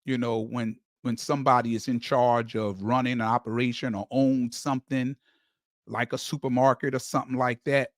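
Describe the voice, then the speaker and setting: A man's voice: medium pitch, level tone, normal speed, no echo, clean studio sound. A man hosting a sports channel, talking in a casual, emphatic monologue with frequent stammering restarts and repeated words. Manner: emphatic storyteller, rising to heated emphasis. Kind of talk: casual fan commentary monologue.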